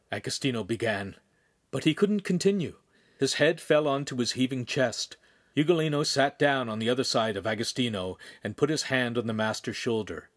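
A man reading a young adult novel aloud as narrator, steady and measured. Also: mid-range voice. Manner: steady storytelling, voices characters. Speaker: audiobook narrator. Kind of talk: scripted narration.

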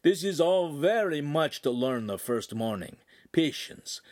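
A man's voice: on the high side, sing-song, unhurried, darkish tone, voice pushed up. A man voicing a cheerful, bossy master craftsman with an Italian accent and broken English.

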